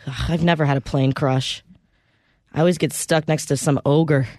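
A woman co-hosting a comic talk show, playful and deadpan in the banter. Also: deep voice, normal speed, dry recording, studio quality.

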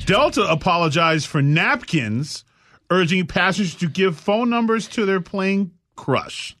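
A man's voice: high-pitched, expressive, a little slow, fairly bright tone, soft background music. A man hosting a comic talk show, sarcastic, riffing and slipping into mock voices. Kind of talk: comic panel banter.

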